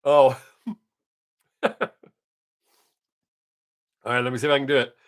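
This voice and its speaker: Here the fifty-something comedian speaks unhurriedly and flatly in a mid-range voice with a slight scratch. It's casual live-stream chat, rambling and crudely joking.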